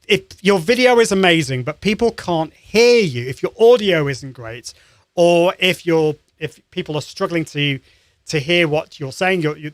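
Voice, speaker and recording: A man hosting a live-streamed lesson, coaching voice warm-ups in an upbeat, encouraging way with many restarts. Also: on the high side, dry recording, studio quality. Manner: upbeat and encouraging, demonstrates sounds; conversational with frequent restarts.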